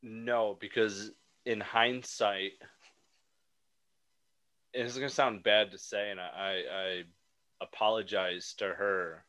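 A man co-hosting a podcast, talking in an animated, rambling way with frequent restarts. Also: fairly low pitch, slow, long pauses. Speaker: podcast co-host. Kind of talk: casual chat.

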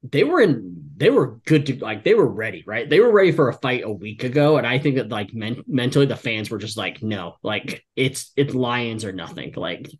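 A man co-hosting a casual sports podcast, his voice swinging widely up and down as he gets excited. He talks loosely and packs his sentences with "like" and "um". His pitch sits in an ordinary middle range. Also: brisk, hardly any pauses, slightly rough. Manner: excitable, leans heavily on "like" and "um". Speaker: podcast co-host.

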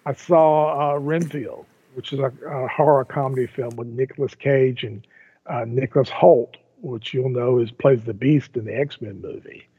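A man's voice: medium pitch, moderate pace, breathy edge, dry recording. An older man co-hosting a casual podcast, talking in rambling sentences with frequent restarts and repeated words. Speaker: podcast co-host. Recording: tinny phone-like line, dry.

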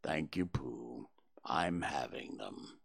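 A man reading a storybook and voicing a gloomy old male donkey in a low, half-whispered murmur. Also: animated, takes it slowly, vocal fry, dry recording, clean studio sound, heavily acted.

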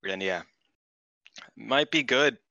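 A man co-hosting a podcast in casual chat, rambling and excitable, swearing freely. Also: medium pitch, slow, gravelly, no room sound, highs cut off. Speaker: podcast co-host.

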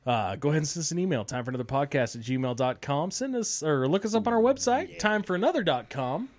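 Man, podcast host, slightly high voice, very animated pitch, casual crude storytelling, laughs a lot. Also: fast talker. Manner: laughing, crude joking anecdotes.

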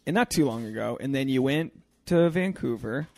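A man's voice: medium pitch, expressive, moderate pace, gravelly, a little mellow, no echo. A man hosting a casual podcast chat, full of teasing, crude joking banter. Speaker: podcast host.

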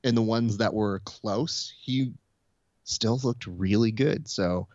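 A man hosting a podcast in casual chat, animated and acting out quotes as he talks. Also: on the low side, slow pace, no echo, lo-fi sound. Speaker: podcast host. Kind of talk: casual chat about combat sports.

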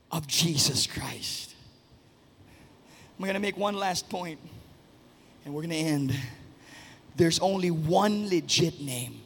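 A man preaching a sermon as pastor, swinging between sing-song shouts and sudden soft, quiet asides. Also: high voice. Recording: long reverb of a large hall.

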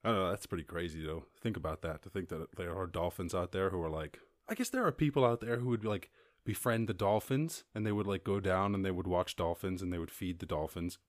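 Irish male podcast host, deep-ish voice, rambling and profane, dry sound. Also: brisk, no echo. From Ireland. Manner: rambling, profane, jumps into high squeaky voices for quoted people and animals. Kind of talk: casual solo podcast chat reading news.

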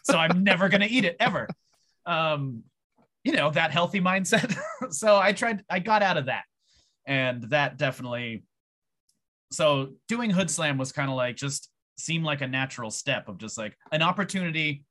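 Bright-voiced man telling a rambling story. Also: fairly high pitch, moderate pace. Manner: profane, rambling, animated retelling. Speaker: podcast guest, pro wrestler. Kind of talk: casual storytelling.

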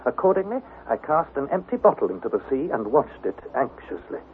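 An actor playing an earnest young nephew who narrates a perilous voyage in a 1960s radio drama. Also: male voice, mid-range voice, big pitch swings, a little fast, close to an everyday voice. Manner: earnest, anxious, pleading. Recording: tinny, hissy old radio broadcast.

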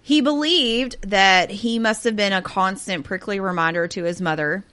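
A woman's voice: mid-range voice, normal speed, a bit bright. Laughing sarcastic woman podcaster. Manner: laughing, sarcastic, reads notes aloud. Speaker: podcast host. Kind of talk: casual true-crime chat.

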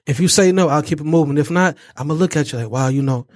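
Man co-host, rapid-fire, blunt, dry recording. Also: a little high, no room sound. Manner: talks fast, blunt, slangy, explains at length. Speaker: podcast co-host. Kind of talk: casual group chat.

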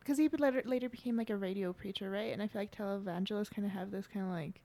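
A woman's voice: medium pitch, fast, warm tone. A young woman in a casual film discussion, chatty and full of fillers. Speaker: discussion participant.

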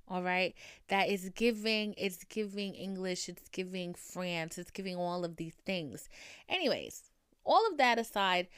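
A woman from the Boston area with a light Boston accent, hosting a podcast in a lively, rambling, profane casual chat. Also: fairly low pitch, a little slow, clear, resonant tone, no room sound, studio quality. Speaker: podcast host.

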